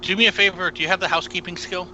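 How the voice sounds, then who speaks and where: A man narrating as game master of a tabletop game, relaxed and explanatory, calling for rolls. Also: sits high, rapid-fire, slight background noise, poor audio.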